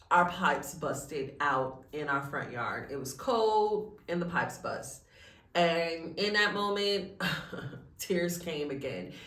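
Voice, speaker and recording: A woman's voice: sits low, fairly bright tone, roomy sound, distant mic. A woman telling her own story in a personal vlog, earnest and close to tears as she talks about faith. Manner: tearful, earnest and faith-filled. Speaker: vlogger.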